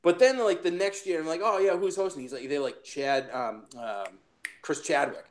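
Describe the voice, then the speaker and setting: A man's voice: fairly high pitch, normal speed, slight background noise. Rambling man, profane chat. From Massachusetts. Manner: rambling, many fillers and restarts, laughs a lot. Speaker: podcast guest.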